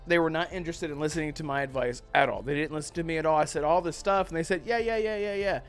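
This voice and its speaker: A man's voice: fairly high pitch, quick pace, clean tone, faint music behind, lightly acted. A man putting on a German accent to impersonate an aggrieved older male author. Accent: put-on German.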